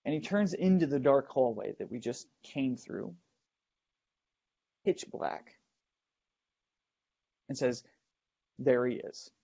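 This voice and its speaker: Man telling a spooky tale, halting. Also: medium pitch, lively intonation, gravelly, mellow, breathy edge. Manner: hesitant, restarts and fillers, builds suspense. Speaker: host. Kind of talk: first-person storytelling of a ghost investigation. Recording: dull lo-fi recording.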